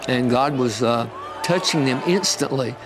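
A man guest telling an emotional testimony with fervent storytelling, rising high when excited. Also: measured pace, music in the background, crowd noise.

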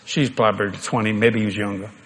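A man's voice: fairly low pitch, a little fast. An older man, telling a folksy, joking story in a sermon. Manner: folksy, animated, joking with the crowd. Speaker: preacher.

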